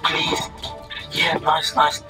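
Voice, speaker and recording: A man's voice: a little high, completely flat delivery, drawn-out words. A man in casual game voice chat, begging his teammates and swearing. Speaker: gamer in team voice chat. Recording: distant mic, loud game music.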